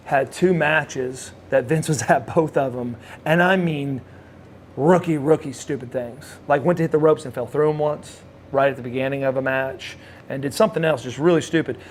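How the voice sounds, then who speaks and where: A man's voice: a little high, a little hiss or hum. A middle-aged man with a Southern US accent telling rambling anecdotes in a casual interview, restarting phrases and laughing now and then. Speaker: interview guest, former wrestler.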